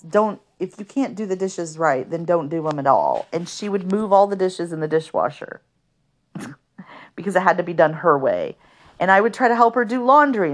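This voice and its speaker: A woman telling her life story in a podcast, earnest and conversational, with many fillers. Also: on the low side.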